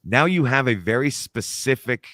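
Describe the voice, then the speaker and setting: A man with a deep radio voice, a paranormal author and audiobook narrator, chatting laid-back as a podcast guest. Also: lively intonation, normal speed, fairly bright tone, dry recording, studio quality. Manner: laid-back, talks with lots of fillers. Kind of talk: casual conversation.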